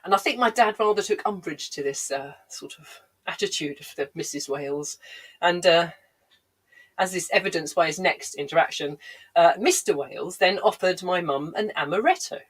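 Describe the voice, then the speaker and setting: Her voice on the low side and husky, a female comedian rambles through comic, digressive stories at normal speed from her home livestream, adding dry self-deprecating asides. She's a bit congested with a lingering cough, and the audio is poor.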